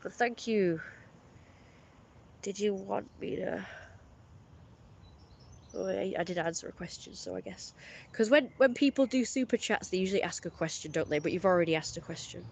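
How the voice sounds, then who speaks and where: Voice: mid-range voice, normal speed, vocal fry, pauses often, slight background noise. A livestream host chatting casually with viewers and reading their messages, rambling and often correcting themselves in a friendly way.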